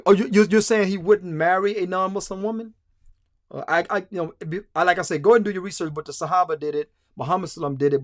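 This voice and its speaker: A male livestream host talks emphatically, repeating himself and stumbling into restarts. His voice sits a little high. The sound is dry and close to the mic. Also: dry recording. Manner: emphatic, repetitive, stammering restarts. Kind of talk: casual livestream commentary.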